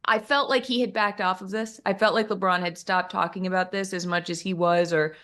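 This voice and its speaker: A woman co-hosting a sports talk show, animated and sarcastic in casual chat. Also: medium pitch, fairly quick.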